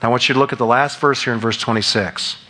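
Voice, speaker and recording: A man preaching a sermon as pastor, emphatic and rising in pitch and volume on key lines. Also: steady tone, fast, sharp tone.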